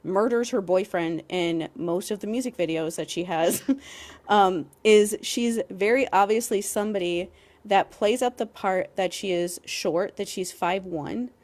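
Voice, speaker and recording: A woman's voice: mid-range voice, a little slow, a little mellow. A young woman co-hosting a podcast, ranting emphatically with lots of "like" and some swearing. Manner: heated and emphatic, heavy use of "like", swearing. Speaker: podcast co-host.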